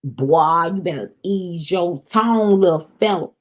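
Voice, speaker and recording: A woman's voice: fairly low pitch, measured pace. A woman quoting a stern older boss man.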